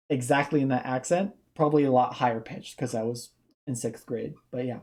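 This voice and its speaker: A man's voice: mid-range voice, moderate pace, darkish tone. A young man giving casual reaction commentary, rambling off on tangents and restarting his sentences.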